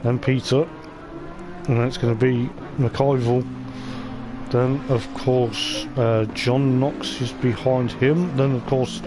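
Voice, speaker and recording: This commentator speaks slowly at medium pitch with fairly even intonation. He chats and wanders through live coverage of an online racing league event while the game's race car engines roar clearly in the background.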